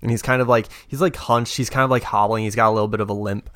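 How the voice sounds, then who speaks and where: A man's voice: lowish voice, fairly even intonation, fast, a bit bright, clear, resonant tone. A man narrating as game master of a tabletop game, hesitant, with many fillers and restarts.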